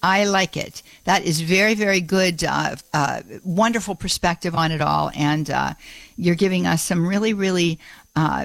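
Woman call-in host, effusive, lowish pitch, dry close mic. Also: creaky, no room sound. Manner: effusive, repeats "beautiful" often. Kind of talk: Catholic call-in radio talk.

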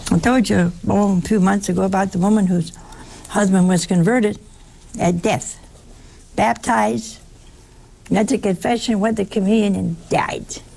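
A woman preaching a sermon in a slow style, asking the listeners rhetorical questions and breaking into animated exclamations. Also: medium pitch, vocal fry.

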